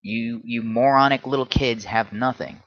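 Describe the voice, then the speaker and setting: A combative man ranting alone on his livestream, tripping over his words and restarting as he pushes his points. His voice sits at an ordinary middle pitch. The sound is dry and slightly muffled, like lo-fi stream audio. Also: fairly even intonation, normal speed, a bit bright, dry recording. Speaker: livestream host. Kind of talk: solo livestream rant.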